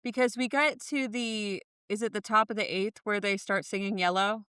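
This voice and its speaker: Blunt, sarcastic woman, smooth voice. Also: mid-range voice, steady tone, moderate pace, bright, forceful tone, dry recording, studio quality. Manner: blunt, swears freely, sarcastic. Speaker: podcast co-host. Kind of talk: casual chat.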